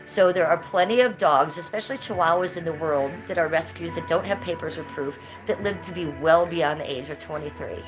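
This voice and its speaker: A woman's voice: low-pitched, a little fast, hardly any pauses, over music, poor audio. A woman livestreaming from home in casual chat, blunt and combative, swearing freely. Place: indoors at home, high-ceilinged room.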